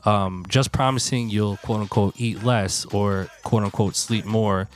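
A man's voice: on the low side, fairly even intonation, a little slow, a little hiss or hum. A man co-hosting a casual podcast chat, rambling loosely and reading aloud from a book. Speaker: podcast co-host.

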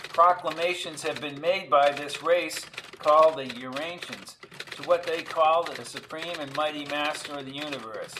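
A man's voice: a little high, moderate pace, background noise. Man narrating a dramatic story.

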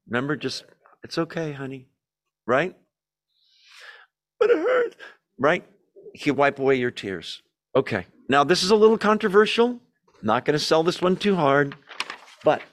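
A man's voice: mid-range voice, a bit bright. A man preaching a conversational sermon to a group, with joking asides and questions put to the audience. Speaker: pastor. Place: church meeting streamed on a video call.

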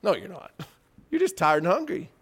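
A high-voiced man preaching a sermon in a lively, conversational way. He keeps throwing rhetorical questions at his listeners as he tells the story. His pitch swings widely from high to low. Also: normal speed, breathy edge.

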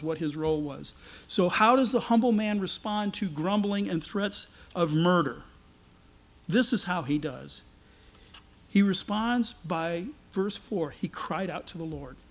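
A man preaching a sermon, animated and sarcastic, acting out the lines he quotes. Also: high-pitched. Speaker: pastor.

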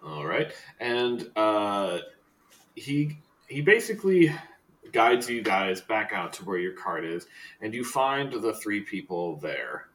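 Relaxed man running a tabletop game. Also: on the low side, slow. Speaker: game master.

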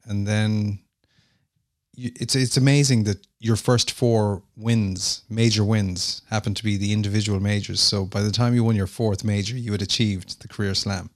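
Chatty radio host. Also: male voice, lowish voice, fairly even intonation, normal speed. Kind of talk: radio interview.

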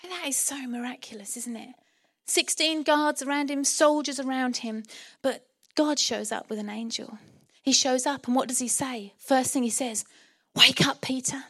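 A woman's voice: high-pitched, steady tone, moderate pace, dry recording, studio quality. A middle-aged woman from England preaching a sermon as pastor, impassioned and rousing, acting out the voices in her story.

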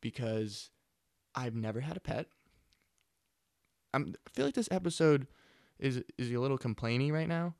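Twenties male podcaster, laid-back profane chatter, gravelly, dry close mic. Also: mid-range voice, expressive, moderate pace, pauses often, a little mellow, dry recording. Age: 20s. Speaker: podcast host. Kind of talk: casual rambling monologue. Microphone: close studio mic.

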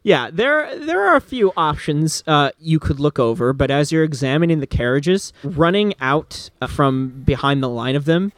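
A man's voice: a little high, animated, moderate pace, few pauses, no room sound, clean studio sound. A man narrating as game master of a tabletop game in a casual, easygoing way.

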